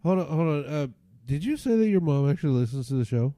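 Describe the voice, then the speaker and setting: A man's voice: fairly high pitch, expressive, fast talker, warm tone, no echo, studio quality. A man hosting a podcast, teasing his co-host and cracking crude jokes in casual banter.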